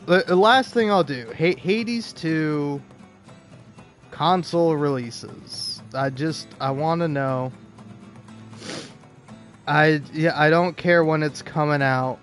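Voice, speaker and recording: A male livestreamer ranting and swearing with theatrical outbursts. He speaks slowly in a slightly high voice, with faint game music playing behind him. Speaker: gaming livestreamer. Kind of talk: livestream commentary.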